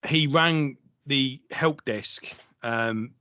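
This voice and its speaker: A man's voice: mid-range voice, very slow, pushed and bright, smooth, dry recording. A man co-hosting a podcast, telling stories in a sweary, chatty way with plenty of laughter. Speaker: podcast co-host. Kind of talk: casual chat. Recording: dry, slightly dull lo-fi sound.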